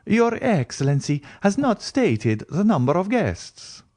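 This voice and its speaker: A man's voice: sits high, very animated, measured pace, darkish tone, voice pushed up, exaggerated voice. A man voicing an agitated male steward who speaks in an urgent, pressing way, in an audiobook reading. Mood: anxious. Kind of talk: audiobook character voice.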